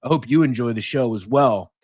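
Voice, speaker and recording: A man's voice: mid-range voice, brisk, darkish tone, husky, no room sound. A man hosting an interview podcast, opening with an upbeat promo and then asking his guest questions. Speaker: podcast host. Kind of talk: interview show intro and questions.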